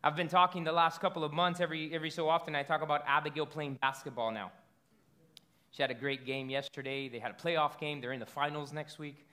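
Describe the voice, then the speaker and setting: Delivering a sermon, this thirtysomething pastor speaks quickly at a fairly high pitch. His storytelling is animated, though he frequently stumbles over and repeats words.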